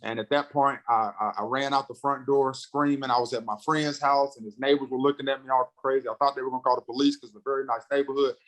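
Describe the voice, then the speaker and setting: A man in his thirties from North Carolina talks as a podcast guest, with a medium-pitched voice and lively storytelling energy. He speeds up when he gets excited and acts out the voices of the people in his stories. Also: rough recording. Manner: animated storyteller, acts out quotes, fast bursts. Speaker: comedian and radio host, podcast guest. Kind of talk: casual interview storytelling.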